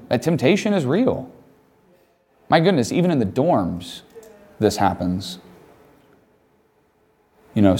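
A man's voice: on the low side, mellow. A man giving a conversational chapel talk to students, casual, with joking asides and acted-out quotes. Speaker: campus chapel speaker.

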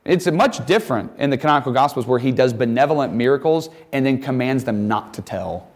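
A man's voice: medium pitch, expressive, a little fast. A man giving a conversational chapel talk to students, casual, with joking asides and acted-out quotes. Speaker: campus chapel speaker.

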